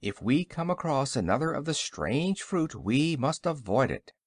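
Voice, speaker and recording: A man voicing a sober, courteous old wizard in a storybook reading, a bit lower than his narration. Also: sing-song, moderate pace, dry recording, clean studio sound. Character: sober, polite elderly male wizard.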